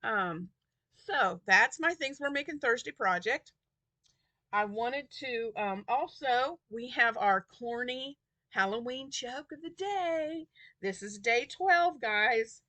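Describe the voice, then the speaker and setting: A woman vlogger chatting casually about her crochet projects, tired from a short night's sleep and quick to giggle. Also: on the high side, animated, sharp tone, no room sound. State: tired and yawning. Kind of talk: casual chat to camera.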